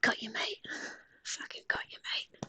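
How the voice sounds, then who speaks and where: Speaking at normal speed, an Australian young adult woman chats on a live stream in a casual, affectionate way. She occasionally swears and keeps slipping into a half-whisper.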